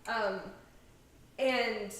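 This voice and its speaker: A chatty young woman hosts a cooking show and tells rambling stories full of "like" and "um". Her voice sits a little high and carries through a very echoey kitchen. She is picked up from some distance off the mic. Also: steady tone, very slow, a bit bright. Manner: chatty storyteller, many "like"s and laughs. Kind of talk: casual chat while cooking. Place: home kitchen.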